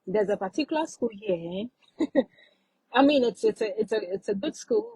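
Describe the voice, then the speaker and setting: A woman's voice: mid-range voice, big pitch swings, unhurried, a little mellow, husky, no room sound, rough recording. A woman hosting a casual live stream, giving advice and repeating her points for emphasis.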